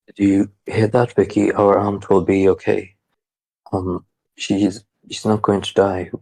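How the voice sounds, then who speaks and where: A man plays a tabletop game, speaking earnestly for his character in a low, gravelly voice. His pitch barely moves, the tone is dark and husky, and the sound is dry. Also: little pitch movement, a little slow, no echo, rough recording. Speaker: player.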